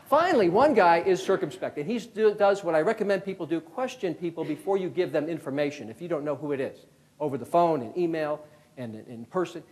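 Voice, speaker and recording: A man around fifty from Connecticut, a former FBI agent giving a keynote talk as a lively storyteller who acts out the people in his anecdotes. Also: fairly high pitch, fairly quick. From Connecticut, USA.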